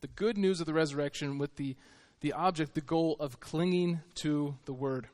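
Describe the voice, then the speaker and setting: A fairly high-voiced man preaching a sermon as a visiting missionary. He speaks earnestly and conversationally, often pausing and restarting mid-thought. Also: darkish tone.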